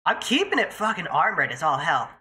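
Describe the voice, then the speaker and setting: Very animated and fairly quick, this young adult streamer talks through live gameplay in a bright, forceful voice pitched in the middle range. The chatter is loose and casual, full of swearing, aimed at both themselves and their chat.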